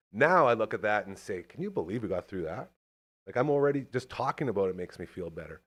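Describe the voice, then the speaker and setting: A man hosting a podcast in casual chat, talking in an animated, fired-up, rambling way. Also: lowish voice, fast, husky. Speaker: podcast host.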